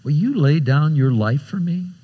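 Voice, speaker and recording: A man voicing Jesus as a calm, gentle man talking to his friends, softly and unhurriedly. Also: a little high, normal speed, breathy edge, lo-fi sound.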